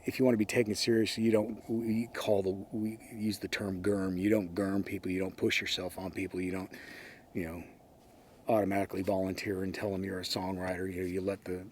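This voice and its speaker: An older man telling anecdotes in a relaxed, wry way, with frequent ums and uhs. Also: sits low, brisk, a little hiss or hum. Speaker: interviewee. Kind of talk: casual anecdotal storytelling.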